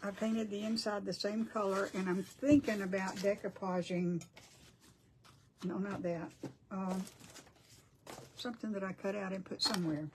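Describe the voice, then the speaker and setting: A woman's voice: medium pitch, fairly even intonation, normal speed, pauses often, slight background noise. An older woman hosting a casual crafting livestream, chatty and apologetic as she greets viewers by name.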